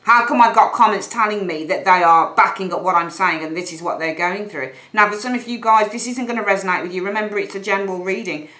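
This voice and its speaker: A woman's voice: on the low side, a bit bright. Blunt woman, echoey room. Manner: blunt, frank, swears casually, repeats herself. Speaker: tarot reader. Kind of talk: monthly tarot reading, ranting aside.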